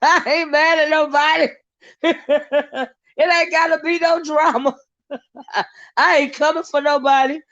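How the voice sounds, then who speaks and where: A woman hosting a casual livestream gossip chat, reading viewer comments aloud in a chatty, laughing way with drawn-out asides. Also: high-pitched, steady tone, a bit bright. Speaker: host. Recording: dull lo-fi sound.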